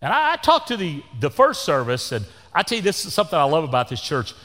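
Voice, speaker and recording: A Texan pastor in his sixties preaches in a church with a long, ringing reverb. His voice is fairly high for a man and swings widely up and down. He keeps a folksy, joking tone full of down-home sayings. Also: huge pitch swings, fast talker, pushed and bright. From Texas. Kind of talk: sermon. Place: church sanctuary.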